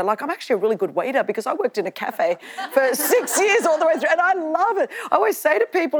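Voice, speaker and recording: High-voiced Australian woman preaching. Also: brisk. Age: 50s. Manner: animated, joking, with frequent laughs. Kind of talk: lively sermon to a live audience.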